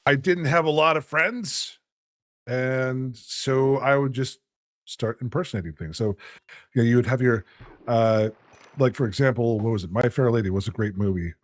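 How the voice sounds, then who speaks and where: A man's voice: mid-range voice, moderate pace, no room sound. A man with a smoker's voice, chatting animatedly as a guest on a podcast. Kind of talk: casual podcast chat.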